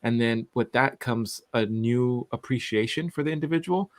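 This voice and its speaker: A man's voice: medium pitch, moderate pace, no echo. Rambling, dry-voiced male podcast co-host. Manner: rambling storyteller, full of "like" and restarts. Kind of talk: casual chat.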